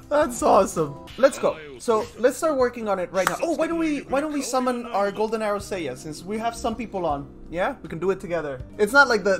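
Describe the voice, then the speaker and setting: Animated man streaming a game. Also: high voice. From Colombia. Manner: excitable, chatty, self-mocking, talks to chat. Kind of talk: casual live-stream gameplay commentary. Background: faint game music.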